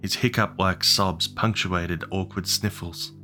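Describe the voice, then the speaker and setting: Low-voiced male horror narrator. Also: pushed and bright. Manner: measured, ominous storytelling. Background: music.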